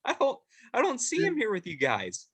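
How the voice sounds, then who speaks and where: Man doing a high-voiced old farmer monk. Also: huge pitch swings, fast talker, a bit bright, slightly rough, dry recording, exaggerated voice. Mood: warm welcoming. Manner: high, exaggerated put-on accent. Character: old male farmer monk with sword, friendly.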